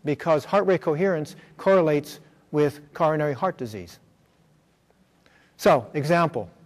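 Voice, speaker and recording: In a school room, a male workshop presenter lectures with slides, explaining step by step with many fillers and check-ins with the audience. His slightly high voice has lively intonation and a normal speed, trailed by a long hall reverb.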